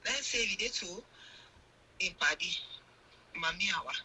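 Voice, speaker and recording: Giving radio interview testimony, a mother with a Sierra Leonean Krio accent, an older woman, tells her account in a long, earnest narration packed with quoted exchanges. She speaks animatedly at a moderate pace in a lowish voice with a sharp tone, over a rough recording with a little hiss or hum.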